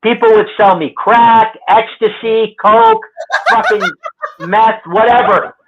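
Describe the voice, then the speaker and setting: A man's voice: sits high, wildly swooping pitch, takes it slowly, very noisy. A man from Canada telling rambling, profane stories in casual chat and acting out other people's lines. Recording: muffled lo-fi audio.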